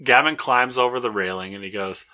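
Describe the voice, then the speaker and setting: A man hosting a casual podcast chat, narrating a story with lively energy and frequent laughter. His voice is very bright and sharp, set at an ordinary middle pitch. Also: a little fast. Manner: animated storytelling, laughing often. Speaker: podcast host.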